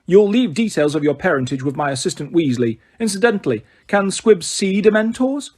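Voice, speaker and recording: A man's voice: sits high, sing-song, brisk, darkish tone, voice pushed up. A man doing a smug, pompous official. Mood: lofty. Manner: lofty, supercilious, snappish. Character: smug, pompous middle-aged male minister.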